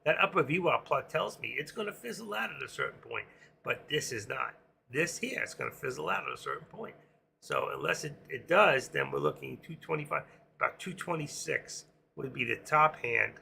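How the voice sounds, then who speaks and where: A man in his sixties hosting a casual stock trading livestream, rambling and joking between chart calls, his voice going hoarse. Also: a little high, lively intonation, moderate pace, sharp tone, slight background noise. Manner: rambling, joking asides, sings snatches of songs. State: losing his voice. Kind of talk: casual live-stream market commentary.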